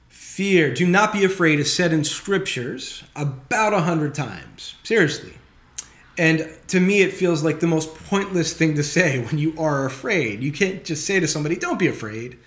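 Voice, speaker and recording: Conversational male pastor, echoey room. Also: fairly high pitch. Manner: conversational, wry, reads scripture with emphasis. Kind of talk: sermon. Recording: roomy echoey sound.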